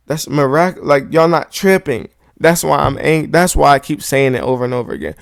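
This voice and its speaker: Male podcast host, raised gravel-edged voice, dry close sound, heated and profane. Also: fairly high pitch, normal speed, no room sound. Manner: heated, profane, repetitive insistence. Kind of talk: podcast monologue rant. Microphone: studio microphone.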